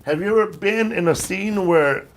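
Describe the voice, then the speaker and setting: A man with a high voice hosts a podcast in casual chat, speaking at normal speed. He tells stories in a loose, profane way, laughing as he goes.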